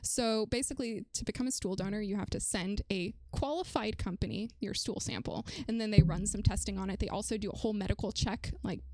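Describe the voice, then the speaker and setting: A woman's voice: mid-range voice, brisk, few pauses, darkish tone. A young woman streaming from a room at home, chatting in a bubbly, giggly way with her viewers. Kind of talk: casual live-stream chat.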